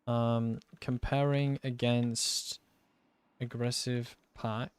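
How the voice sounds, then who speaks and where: A man's voice: medium pitch, level tone, drawn-out words, clean tone, no room sound. A young man streaming, casually talking through game testing, thinking aloud, muttering through sums and swearing now and then. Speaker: gaming streamer.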